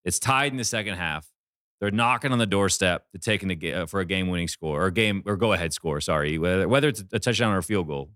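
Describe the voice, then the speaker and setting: A man hosting a casual sports betting chat, talking fast in animated bursts. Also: deep voice, dry recording, clean studio sound. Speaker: sports betting podcast host.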